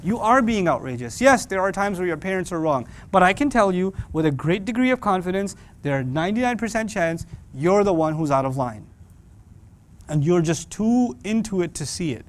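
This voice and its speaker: A man with a slightly high voice teaches a Quran class to young adults. He talks in a lively, joking way, slipping into voices of parents and teens as he makes his points. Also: moderate pace.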